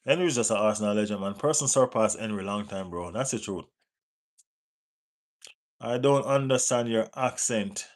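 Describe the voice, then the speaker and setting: A man with a Jamaican accent hosting a live football stream, answering viewer chat in relaxed patois-tinged talk and urging viewers to like the page. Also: fairly low pitch, normal speed, long pauses. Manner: reads out and answers viewer chat, teases, urges likes. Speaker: football livestream host.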